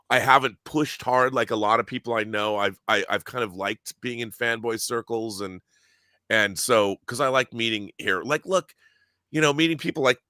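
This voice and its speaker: Geeky guy gushing through stories, bright voice, dry close sound, acts out quotes. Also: on the low side, dry recording. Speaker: guest, audio drama producer. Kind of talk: casual podcast chat.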